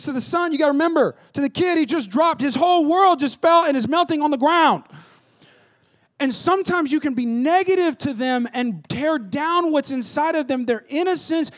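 A man preaching a sermon as pastor on a church stage, animated, with call-and-response asides and self-deprecating humor. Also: very high voice. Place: church stage, on stage before a congregation.

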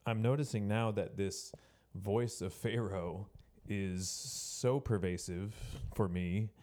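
Hesitant low-voiced male preacher. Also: slow, mellow. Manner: hesitant, reflective, frequent self-corrections. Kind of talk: sermon to college students.

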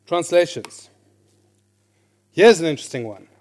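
A middle-aged man teaching a class on reading scripture. He is lively, questions his listeners, and repeats his key phrases. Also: a little high, measured pace. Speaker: Bible teacher.

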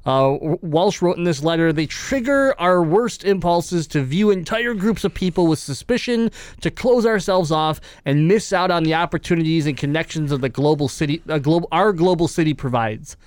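A male podcast host with a slightly high, expressive voice chats loosely at normal speed with few pauses, laughing often between jokes. He reads quotes in an offhand way, and the sound is dry and close with no echo.

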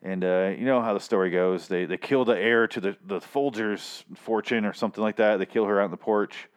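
A man with a fairly low voice talks through a TV episode in a loose, rambling monologue. He swears freely and drops sardonic asides into his own microphone. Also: steady tone, a little fast, clean tone. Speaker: show recap host. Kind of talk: casual TV recap monologue.

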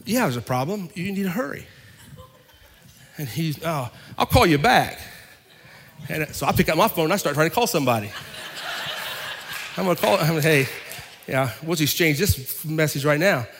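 Pastor telling a story in a reverberant hall. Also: male voice, on the high side, moderate pace, pauses often, slight background noise. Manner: animated storyteller acting out both sides of an argument. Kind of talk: sermon storytelling. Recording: long reverb of a large hall.

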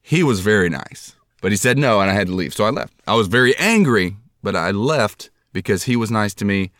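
Deep-voiced man telling rambling stories. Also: lively intonation, a little fast, fairly bright tone, no room sound, studio quality. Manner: rambling, self-deprecating, jokey. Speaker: podcast host. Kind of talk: casual podcast storytelling.

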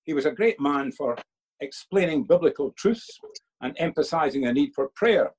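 A man's voice: a little high, animated, moderate pace, darkish tone, slightly rough, poor audio. An older man, a father being interviewed by his son for a church video, telling earnest stories and quoting himself with emphasis.

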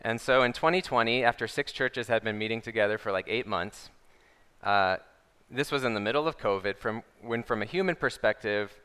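A man's voice: lowish voice, fairly quick, bright, forceful tone, clean tone, long reverb tail. A man earnestly presenting and explaining a church program for families. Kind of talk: video presentation.

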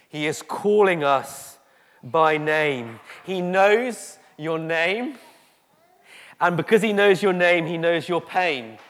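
A man preaching a sermon to a congregation, slow and emotive, with dramatic pauses. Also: fairly high pitch, a bit bright. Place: church hall. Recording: echoey hall.

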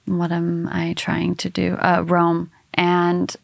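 This woman, a hypnotherapist appearing as a guest, tells stories in casual conversation, animated and full of fillers and restarts. She speaks slowly in a fairly low pitch with vocal fry. There is no room sound.

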